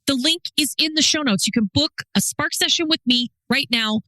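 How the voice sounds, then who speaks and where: Bright, candid woman podcast host. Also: high-pitched, moderate pace, dry recording, rough recording. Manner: candid, conversational, emphatic. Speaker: podcast host and leadership coach. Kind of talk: solo podcast monologue.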